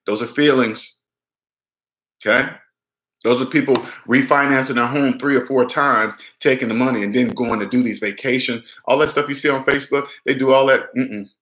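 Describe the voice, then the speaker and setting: A man's voice: mid-range voice, steady tone, fairly quick, a bit bright. A man giving casual finance advice on his channel in an emphatic, repetitive way. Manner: emphatic, repetitive, acts out little dialogues. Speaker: personal finance vlogger. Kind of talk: casual direct-to-camera advice. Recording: echoey room.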